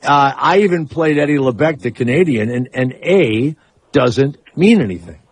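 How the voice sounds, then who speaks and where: A man's voice: mid-range voice, expressive, moderate pace, breathy edge, dry recording. A man in his sixties hosting a call-in radio talk show, brash and teasing with his callers. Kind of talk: casual call-in radio banter.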